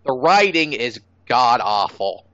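A man's voice: medium pitch, big pitch swings, slow pace, bright, forceful tone, no room sound. A man chatting casually on a podcast, blunt and opinionated, swearing freely and laughing at his own jokes. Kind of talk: casual chat. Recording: dull lo-fi sound.

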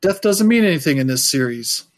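A man's voice: a little high, animated, fairly quick. A man chatting casually as a podcast co-host, rambling loosely with lots of fillers and dropping wry, offhand asides. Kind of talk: casual chat.

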